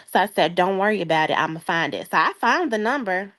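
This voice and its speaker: A young adult woman from the Chicago area, a guest telling a long story in a casual chat, lively and acting out the voices of the people in it. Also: on the low side, fast talker. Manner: lively, acts out quoted voices, laughs often.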